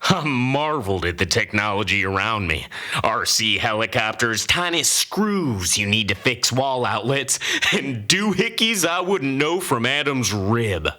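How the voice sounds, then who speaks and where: A man's voice: mid-range voice, big pitch swings, unhurried, sharp tone. A man playing a grizzled old cowboy who tells a comic tall tale in a folksy, boastful, rambling way. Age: older. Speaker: storyteller.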